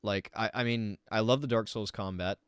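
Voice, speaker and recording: A man's voice: lowish voice, fairly even intonation, moderate pace, clean tone, no room sound, clean studio sound. A man streaming himself reacting to a video, rambling casually and arguing back at what he hears.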